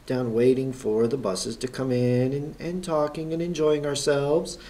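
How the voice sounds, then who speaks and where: A man's voice: mid-range voice, darkish tone. A man, a schoolteacher, telling a story in a wry manner with dry asides. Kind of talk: anecdotal storytelling.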